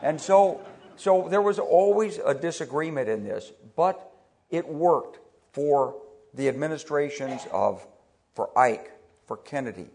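A man's voice: fairly high pitch, unhurried, a little hiss or hum. An older American man, a retired army officer, giving a conversational public talk full of anecdotes, restarting and repeating words as he goes. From United States. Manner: conversational, repeats words when restarting, quotes people in lively put-on voices.

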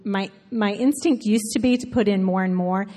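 This is an Alabama author, faintly Southern in accent and mid-range in pitch, reflecting on her writing during a conversational interview before a live audience. She's chatty, stumbling into fillers and self-interruptions and laughing often, with the sound echoing through a reverberant hall.

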